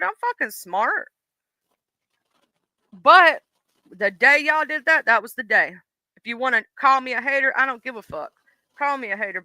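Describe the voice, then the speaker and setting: Her voice is a little high with a sharp tone, recorded dry and at low quality. She's a livestream host with a Southern US accent, talking straight to her chat in a blunt, heavily profane, casual way.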